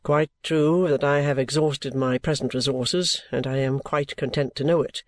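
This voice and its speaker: A man's voice: mid-range voice, fairly even intonation, moderate pace, no room sound, pitched below the performer's own voice, close to an everyday voice. A man reading a stubborn proud young man. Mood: defensive. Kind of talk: audiobook reading of a classic novel.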